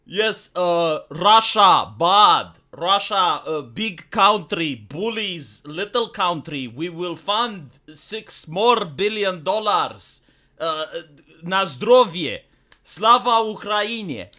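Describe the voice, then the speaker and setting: Guy mocking a pandering lady politician, slow halting delivery, lowish pitch, bright edge. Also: animated, creaky, full character voice. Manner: slow, halting, exaggerated foreign-accent pandering. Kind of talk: sarcastic parody impression.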